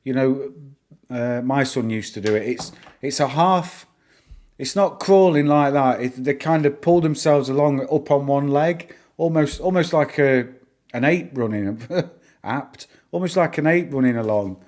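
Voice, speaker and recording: A man's voice: medium pitch, unhurried, a little mellow. Rambling, chatty middle-aged man. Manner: rambling, chatty, laughs at his own jokes. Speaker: stock-market live streamer. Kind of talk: casual live-stream commentary.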